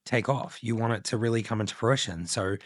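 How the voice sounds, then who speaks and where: A man's voice: on the low side, a little fast, no room sound, studio quality. A man giving a casual collective tarot reading to his channel viewers, musing loosely with many filler words. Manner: meandering, many filler likes, intuitive musing. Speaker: tarot reader.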